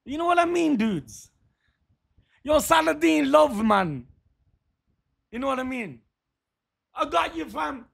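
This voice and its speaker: A man's voice: extremely high pitch, expressive, takes it slowly, vocal fry, pauses often. A man, a father, streaming a game and chatting with viewers in laid-back slangy banter. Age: adult father. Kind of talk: casual livestream chat.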